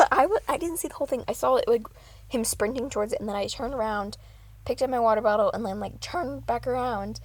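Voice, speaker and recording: Teen girl vlogger, slightly high, breathy, giggly rambling storyteller. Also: fairly quick, darkish tone, dry recording. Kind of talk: casual chat.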